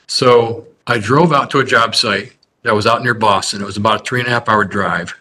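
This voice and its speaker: A man, a construction company president, telling stories in a measured, earnest way during a podcast interview. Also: fairly low pitch, sharp tone, slight background noise. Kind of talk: anecdotal storytelling in a podcast interview.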